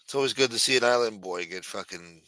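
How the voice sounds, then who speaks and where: A man's voice: lowish voice, fast, pushed and bright, no room sound, low-quality recording. A man hosting a livestream, with brash, profane, mocking news commentary. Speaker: livestream host. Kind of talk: casual news commentary on a stream. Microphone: streaming mic.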